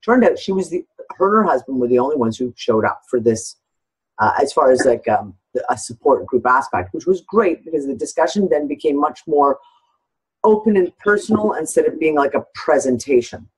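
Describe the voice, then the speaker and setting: A woman's voice: low-pitched, lively intonation, fairly quick, husky, poor audio. A woman talking candidly in a casual online group discussion, swearing freely and acting out what others said. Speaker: discussion participant.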